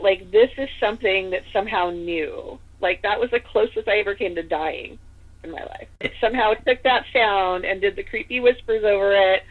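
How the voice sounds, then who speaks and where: A woman from Northern California telling a story as a podcast guest, chatty and rambling, with lots of "like" and "you know.". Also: medium pitch. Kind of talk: casual storytelling in an interview. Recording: tinny phone-line audio.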